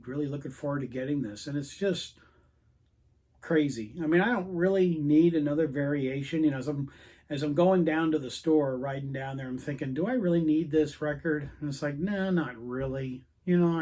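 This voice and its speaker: On the record collecting channel he hosts, a man vents in a rambling, frustrated story to camera, quoting plenty of dialogue as he casually rants. His voice is fairly high and a little mellow.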